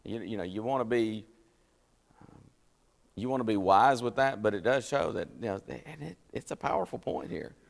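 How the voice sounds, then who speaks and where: A man's voice: animated, normal speed, vocal fry. A man leading a Bible study in a conversational teaching style, explaining scripture and acting out the quotes. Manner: folksy, explanatory, acts out scripture quotes with rising pitch. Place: church meeting room. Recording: church hall with long reverb.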